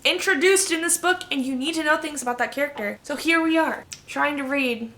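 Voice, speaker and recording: Gossipy twenty-something girl talking books, kinda high, bright and a bit gravelly. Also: a little fast. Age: 20s. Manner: chatty, gossipy, full of "like". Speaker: book vlogger. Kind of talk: casual book chat to camera.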